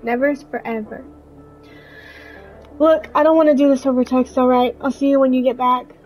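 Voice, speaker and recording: A sardonic young girlfriend teases her partner over text, read aloud by a woman. The voice is high and plain, with faint music behind it. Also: steady tone, normal speed, a little mellow, lightly acted, poor audio. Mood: teasing. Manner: reading text messages aloud, teasing.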